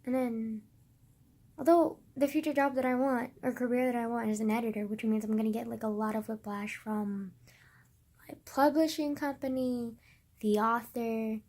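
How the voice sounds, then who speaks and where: A woman's voice: on the high side, steady tone, moderate pace, darkish tone. A young woman vlogging in a casual, rambling way, swearing often and sometimes dropping into a whisper.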